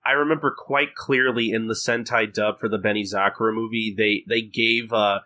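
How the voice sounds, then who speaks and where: Young male podcast guest, bright and forward tone, halting delivery full of restarts. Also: on the low side, fairly even intonation. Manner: hesitant, repeats words and restarts often. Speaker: podcast guest, fan translator. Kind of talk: casual podcast chat.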